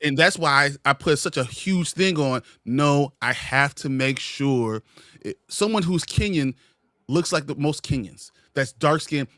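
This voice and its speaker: Earnest man, halting, dry mic. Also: a little high, sharp tone, no echo. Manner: earnest, repeats words while searching for phrasing. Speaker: podcast panelist. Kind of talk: casual panel discussion.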